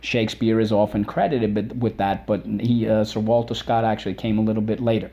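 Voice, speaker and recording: A man's voice: on the low side, flat delivery, brisk, hardly any pauses, dark tone. A middle-aged man teaching a spelling lesson to children, repeating words and sounding out their syllables.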